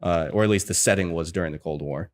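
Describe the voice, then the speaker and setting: A man's voice: low voice, quick pace. Rambling man on a film podcast. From United States. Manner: rambling, many restarts and fillers. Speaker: podcast host. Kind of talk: casual film discussion.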